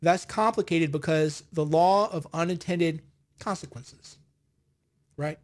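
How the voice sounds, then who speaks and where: A man's voice: a little high, slow pace. Boastful rambling man in his forties. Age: 40s. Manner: boastful, rambling storytelling with acted-out quotes. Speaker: vlogger answering viewer comments. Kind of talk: casual livestream chat.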